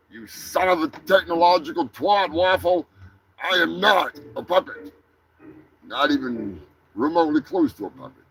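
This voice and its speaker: A man's voice: fairly high pitch, creaky, a bit bright, rough recording. A man hosting a comedic live stream, talking in a crude, rambling, profane way. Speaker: host. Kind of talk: crude comedic livestream chat.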